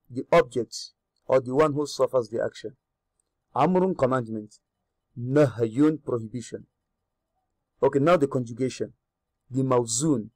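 A man teaching a grammar lesson. He repeats each word slowly, gives its English meaning and asks the learner questions. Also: medium pitch, a little mellow, dry recording. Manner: repeats Arabic words slowly, then glosses them in English. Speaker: Arabic teacher.

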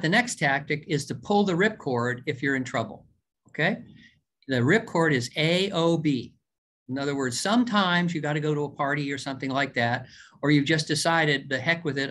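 A man's voice: medium pitch, a bit bright. A man giving an informal diet lecture as a doctor, talking in a folksy, emphatic way, joking and repeating words for emphasis.

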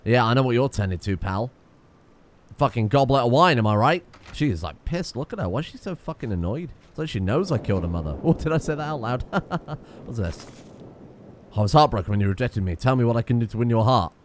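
A man commentating on his video game play in a casual, sweary and joking way. His voice moves around a lot in pitch, sitting in a middle register. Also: expressive, a little fast, a little hiss or hum. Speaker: let's play gamer.

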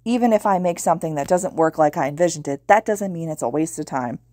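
A woman's voice: low voice, animated, fast, warm tone, no room sound, clean studio sound. A woman voicing a reckless, cheerful teenage girl inventor in a story read aloud. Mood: breezy. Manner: bubbly, teasing.

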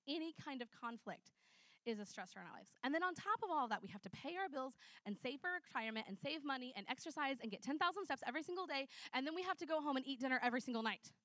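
A woman preaching a conversational sermon, telling stories in a chatty, animated way with many fillers. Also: a little high, no echo.

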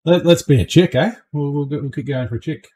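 Husky, mellow gaming streamer man. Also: fairly high pitch, a little fast. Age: adult. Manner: chatty, joking, tags lines with "eh?". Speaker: streamer playing a space game. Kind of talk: casual gameplay commentary.

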